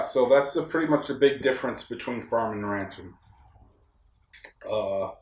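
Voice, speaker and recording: A young man from upstate New York, the host of a podcast, rambles plainly and folksily through a casual solo talk. His voice is fairly low, and the room on the ranch where he records gives it a noticeable echo.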